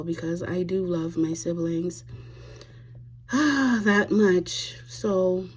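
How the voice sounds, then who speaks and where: A woman's voice: lowish voice, dark tone. A young woman vlogging, telling a personal family story in a candid, blunt way, swearing freely and acting out what people said. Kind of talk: casual confessional storytelling.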